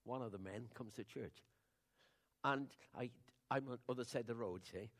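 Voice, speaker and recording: An older man, preaching in a conversational, storytelling sermon that drops to hushed asides and rises to loud declarations. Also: medium pitch, moderate pace.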